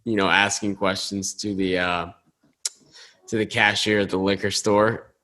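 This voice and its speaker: A young man co-hosting a podcast in casual chat, relaxed and laughing mid-sentence as he recounts scenes. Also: lowish voice, measured pace. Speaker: podcast co-host.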